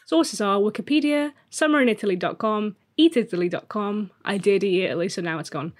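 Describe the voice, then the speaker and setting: A woman's voice: mid-range voice, fairly quick. A woman co-hosting a podcast, telling a folklore story in a chatty, joking way. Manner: chatty, laughs easily, jokey asides. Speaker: podcast co-host.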